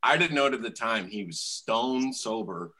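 A man's voice: medium pitch, expressive, normal speed, pushed and bright. A man in his thirties telling a profane story in a casual chat, laughing often. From Canada.

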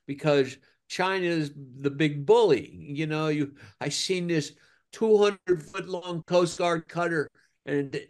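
A man speaking as a guest in a casual discussion, earnest and building concern as he talks. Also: a little high. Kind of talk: casual chat.

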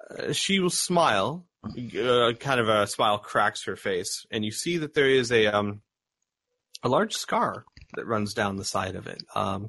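A man's voice: on the low side, fairly bright tone, slight background noise. Hesitant male game master narrating. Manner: hesitant, many ums and restarts.

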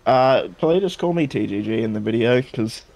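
A man's voice: mid-range voice, expressive, brisk, vocal fry, darkish tone. A man who is a podcast guest, chatting in an easygoing way. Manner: easygoing, says 'reckon' and 'dude'. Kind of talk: casual chat.

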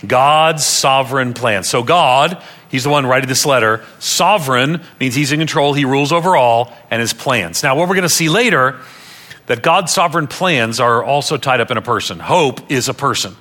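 Bright-voiced pastor preaching a sermon. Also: male voice, mid-range voice, expressive, normal speed. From Long Island, New York. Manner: earnest teaching, repeats key phrases for emphasis.

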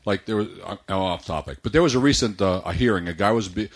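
Deep-voiced older man chatting about books. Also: fast. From United States. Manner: relaxed, rambling storyteller who reads passages aloud. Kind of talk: casual chat about books.

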